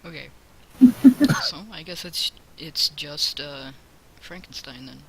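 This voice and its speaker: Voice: medium pitch, slow pace, creaky, sharp tone, low-quality recording. A player at a tabletop game chatting casually, giggly and gushing.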